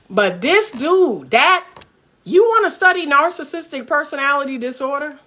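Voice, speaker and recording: A woman's voice: high-pitched, expressive, moderate pace, sharp tone, slight background noise. A woman relationship coach, giving fired-up, preachy commentary straight to her viewers from a room at home, laughing often. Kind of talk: casual commentary vlog. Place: upstairs room by a window at home.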